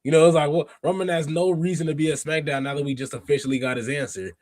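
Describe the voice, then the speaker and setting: A man hosting a podcast, recapping wrestling in a casual, animated, slangy way with lots of fillers and restarts. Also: a little high, fast talker, no room sound, studio quality. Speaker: podcast host.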